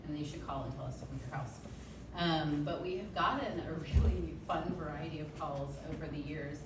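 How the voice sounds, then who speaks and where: A woman's voice: low voice, fairly quick, noisy background. A woman midwife telling funny stories to a live audience, chatty and laughing often, with lots of ums. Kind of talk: stand-up storytelling. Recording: roomy, distant mic, loud ambience.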